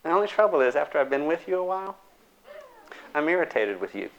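A man giving a lecture, animated and acting out the voices of the people in his examples. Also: a little high, fast talker, muffled recording, heavy background noise. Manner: animated, acts out quoted voices.

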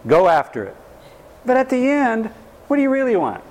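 A man's voice: very high voice, huge pitch swings, normal speed, darkish tone, low-quality recording. A man teaching a class, talking emphatically and asking the room questions. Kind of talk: lecture to a live class.

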